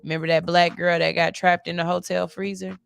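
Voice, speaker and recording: A woman's voice: fairly low pitch, little pitch movement, a little fast, vocal fry, clear, resonant tone, faint music behind. A woman hosting a morning radio show, reading stories in a loose, chatty way and cursing casually. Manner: chatty, loose, curses casually, yawns between lines. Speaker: radio host. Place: cold studio.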